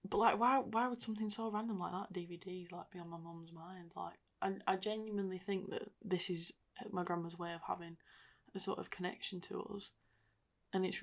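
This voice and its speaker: A young woman talks to her podcast listeners in a low, fairly level voice with a gravelly fry. She rambles gently and reflectively, leaning on "like" and "sort of" as she gathers her thoughts. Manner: rambling and reflective, heavy use of "like" and "sort of" fillers. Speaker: podcast host. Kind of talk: personal podcast monologue.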